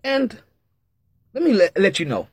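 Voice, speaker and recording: A man with a husky, fairly high voice hosts a sports podcast in a loose, chatty way. His pitch leaps up and down as he repeats himself and throws in jokes. The sound is dry and close. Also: unhurried, no room sound. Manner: animated, repeats himself, jokey asides. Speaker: podcast host. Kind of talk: casual sports podcast monologue.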